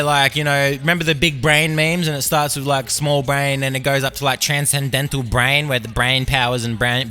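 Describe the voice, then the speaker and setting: A man's voice: mid-range voice, pushed and bright. A man with an Australian accent hosting a podcast, rambling through absurd tangents with lots of fillers. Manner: absurd, meandering, filler-heavy. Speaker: podcast host. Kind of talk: rambling comedic monologue.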